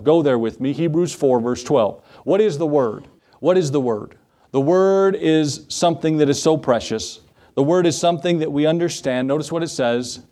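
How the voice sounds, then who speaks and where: In a church sanctuary, a pastor delivers his sermon in a conversational way, tossing in asides and putting questions to the congregation. His voice sits on the higher side and sounds mellow.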